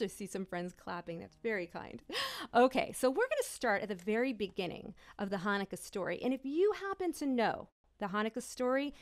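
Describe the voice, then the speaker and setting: A woman's voice: on the high side, smooth. A woman hosting an interactive children's holiday show over a video call, bubbly and encouraging, calling out children by name. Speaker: children's musician and host.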